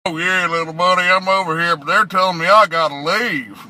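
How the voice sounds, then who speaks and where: A man voicing a slow, simple-minded trucker in his late fifties, who drawls and calls the listener "little buddy.". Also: high-pitched, steady tone, bright, forceful tone, rough recording. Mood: whiny. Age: late 50s. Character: slow simple older male trucker, mumbly and whiny.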